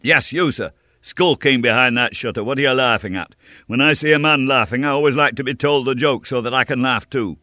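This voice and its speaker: A man voicing a brash, hot-headed young male swordsman who shouts his challenges in a story reading. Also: a little high, a little fast, hardly any pauses, no room sound, studio quality, voice pushed up. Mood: angry, shouting.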